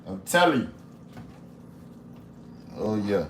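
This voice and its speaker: A man's voice: a little high, moderate pace, a little hiss or hum. A man cooking live and talking to his chat in an upbeat, preachy way, repeating his phrases. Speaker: cooking and motivation streamer. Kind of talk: casual live-stream talk while cooking. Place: home kitchen. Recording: roomy kitchen with faint ambience.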